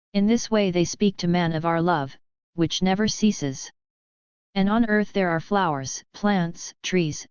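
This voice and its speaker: A woman giving a slow, measured devotional reading in an even recitation. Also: lowish voice, clear, resonant tone, dry recording. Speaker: reader of devotional writings. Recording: dull lo-fi dry recording.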